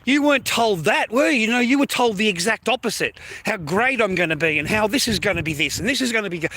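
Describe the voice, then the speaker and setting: A man with an Australian accent vents to camera in a loose, swearing monologue. His voice sits high for a man and has a sharp, forceful edge. He circles back over the same points and keeps calling his listeners mate. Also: expressive, fast, poor audio. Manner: profane, repetitive, addresses viewers as mates and boys. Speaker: vlogger. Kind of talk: ranting casual monologue.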